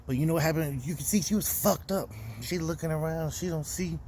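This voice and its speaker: A man's voice: fairly high pitch, fairly quick, darkish tone, slight background noise. A young man telling a weekend story as host, casual and profane, heated as he talks. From Florida. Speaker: podcast host.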